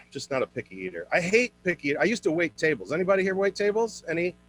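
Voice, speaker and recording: A young man performing a stand-up comedy set for an online show, switching into high put-on voices for his characters. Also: big pitch swings, quick pace, a bit bright, slight background noise.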